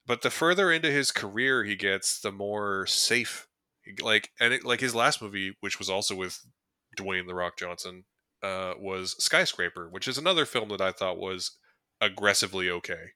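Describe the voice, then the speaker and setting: A man's voice: on the low side, expressive, moderate pace, pushed and bright, clean tone, no room sound, studio quality. A man co-hosting a movie podcast, talking casually and rambling with lots of fillers and chuckles. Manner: laid-back, rambling, frequent fillers and chuckles. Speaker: podcast co-host. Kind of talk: casual movie review chat.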